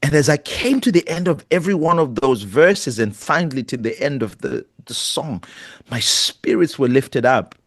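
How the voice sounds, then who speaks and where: A man's voice: medium pitch, expressive, normal speed, no room sound, studio quality. Earnest middle-aged male pastor storyteller. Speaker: pastor and guest. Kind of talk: storytelling interview.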